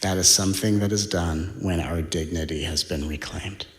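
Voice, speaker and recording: A man giving a spiritual talk, speaking in slow, deliberate phrases and dropping to a hushed whisper for emphasis. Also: deep voice, fairly even intonation, echoey room. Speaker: spiritual teacher.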